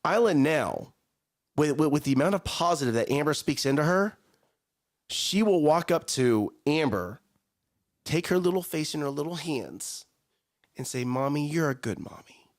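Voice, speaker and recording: A man in his thirties co-hosting a morning talk show, speaking casually in an animated, coaching way and often repeating his words. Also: fairly high pitch, normal speed, long pauses. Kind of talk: casual chat.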